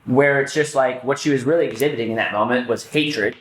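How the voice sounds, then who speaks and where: A man co-hosting a podcast, telling stories in casual chat, animated, swearing, often restarting his sentences. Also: medium pitch, fairly quick. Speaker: podcast co-host. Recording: roomy echo.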